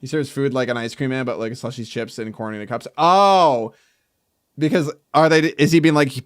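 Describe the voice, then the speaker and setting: A man streaming while he draws, reading viewer comments aloud and breaking into loud mock outrage with swearing. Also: mid-range voice, moderate pace, no echo. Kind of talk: casual live-stream chat while drawing.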